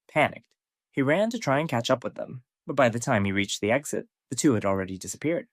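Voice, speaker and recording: Steady man narrating a story recap. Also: mid-range voice, brisk, dry recording, studio quality. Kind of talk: scripted narration.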